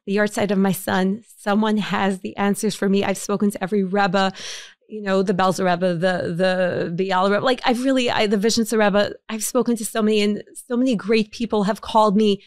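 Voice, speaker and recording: A bereaved mother from Montreal, Canada, appears as an interview guest and earnestly tells a personal story, often repeating words and restarting phrases. Her mid-range voice is steady and brisk, in a dry, studio-quality recording.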